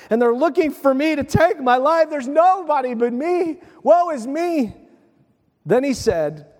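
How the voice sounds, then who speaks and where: High-voiced preacher in a reverberant hall. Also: male voice. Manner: animated storytelling, acts out voices, drops to a soft hush. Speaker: pastor. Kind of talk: sermon.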